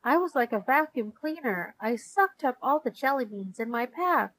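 A woman's voice: fairly high pitch, lively intonation, normal speed, a bit bright. Greedy boastful boy, read by a woman in a storybook, blunt.

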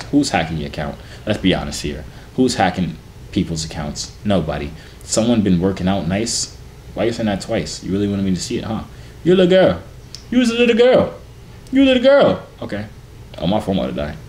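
A man's voice: low-pitched, slight background noise. A man hosting a casual reaction vlog, reading fan messages with playful, slangy, teasing asides.

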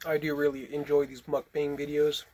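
A man's voice: fairly high pitch, completely flat delivery, normal speed, darkish tone. A man hosting an eating vlog, talking casually and unhurriedly between bites. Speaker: mukbang vlogger.

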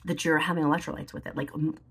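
A woman's voice: sits low, little pitch movement, rapid-fire, gravelly, a bit bright, husky. A woman vlogger chatting casually to the camera while doing her makeup, chatty and emotional, sometimes teary. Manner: chatty, emotional, lots of fillers like "like". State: teary, tearful. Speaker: beauty and lifestyle vlogger.

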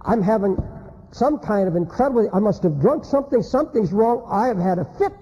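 A man's voice: high voice, animated, brisk, dark tone. A man preaching voices a desperate damned man trapped in hell, pleading frantically and stammering. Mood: panicked. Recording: long hall reverb.

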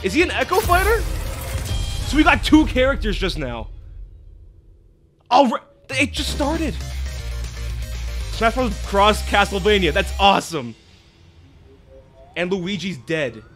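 A man with a very high voice narrates his own live reaction, swinging from hushed disbelief to loud shouting. His pitch jumps around constantly as he gets carried away. Trailer music plays clearly behind him. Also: slow, long pauses. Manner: excitable, gasping and shouting in disbelief. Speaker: reaction video host. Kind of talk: excited live reaction commentary. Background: trailer music playing.

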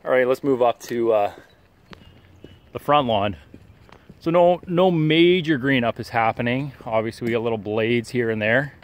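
A man getting over a cold, with a nasal voice, giving a casual outdoor how-to walkthrough of his sprayer and lawn, halting with many fillers. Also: mid-range voice. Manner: halting, many "uh" fillers, practical and matter-of-fact. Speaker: turf care professional vlogger. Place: outdoors in a yard and at the pump.

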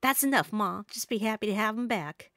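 A woman's voice: mid-range voice, lively intonation, fairly quick, a bit bright, dry recording, clean studio sound, voice pushed down. A woman voicing a folksy miner dad from a game, reading his lines in a put-on Southern US accent. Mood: easygoing. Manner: drawling, folksy, laid-back. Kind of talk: reading game dialogue aloud.

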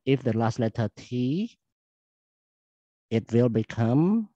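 A man teaching a recorded English lesson. He explains slowly and repeats himself, with frequent "okay". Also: mid-range voice, very animated, dark tone, no room sound, dull audio.

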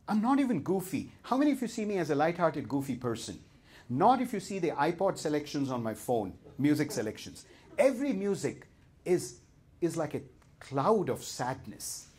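A man's voice: a little high, darkish tone, breathy edge. Playful Indian man leading a seminar. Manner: playful, self-mocking, addresses the crowd directly. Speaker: seminar leader. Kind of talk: live seminar talk to an audience. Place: seminar room with a live audience.

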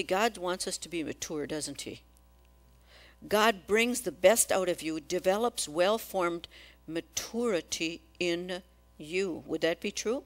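A woman preaching a sermon in a church, asking the congregation questions and acting out quotes. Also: on the low side.

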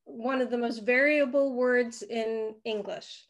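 Woman, slightly high voice, unhurried co-host relaying audience questions. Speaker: co-host reading viewer questions.

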